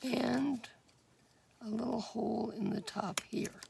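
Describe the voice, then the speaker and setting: A woman crafting at a table, talking through each step with a gruff morning voice, thinking aloud and sometimes dropping to a whisper. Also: a little high, steady tone. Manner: unhurried, thinking aloud with fillers and drops into whispers while working. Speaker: crafter demonstrating a junk journal project. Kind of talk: casual step-by-step craft demonstration. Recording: clear background noise with clicking of craft tools.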